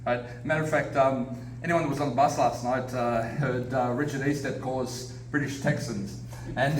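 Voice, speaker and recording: A man's voice: medium pitch, normal speed. Chatty Australian man presenting on stage. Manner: chatty and self-deprecating, frequent fillers and laughs. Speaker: paranormal researcher giving a presentation. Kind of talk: casual conference talk. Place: convention hall. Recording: echoey hall from a distance, faint background noise.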